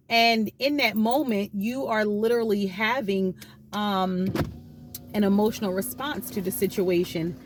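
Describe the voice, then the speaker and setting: A woman's voice: medium pitch, a little hiss or hum. A woman talking casually from her car about abuse tactics, rambling with many fillers and restarts. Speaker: channel host talking about healing from abuse. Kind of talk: casual explanatory talk. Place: in a parked car.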